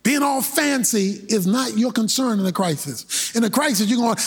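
A male preacher delivering a sermon in an animated, colloquial style, breaking into shouted bursts. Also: very high voice, normal speed, hardly any pauses, husky.

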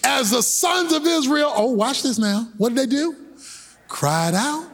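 Husky animated male preacher. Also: very high-pitched, measured pace. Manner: animated, shouting bursts, colloquial preaching. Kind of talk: sermon.

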